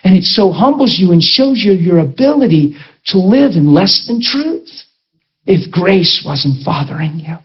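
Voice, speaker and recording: A male preacher with a high voice tells a personal story to his class in an animated way, often laughing. The recording sounds dull and lo-fi. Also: a little slow. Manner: animated, laughing, swings between high and low voice. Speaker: pastor teaching a ministry school.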